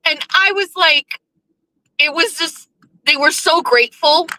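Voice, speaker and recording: A woman's voice: sits high, unhurried, sharp tone, a little hiss or hum, poor audio. A woman hosting a show, telling a casual story in a chatty, profane way full of fillers. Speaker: radio show host.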